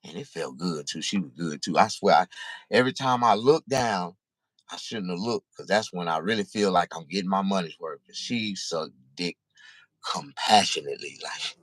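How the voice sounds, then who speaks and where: A man's voice: sits low, animated, moderate pace, a bit bright, no room sound. A middle-aged man in a casual, profane, rambling monologue, talking confessionally to the camera. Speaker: vlogger.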